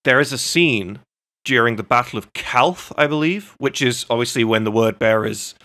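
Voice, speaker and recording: A man's voice: mid-range voice, normal speed, pushed and bright. A man hosting a casual podcast chat, telling anecdotes and swearing freely. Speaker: podcast host.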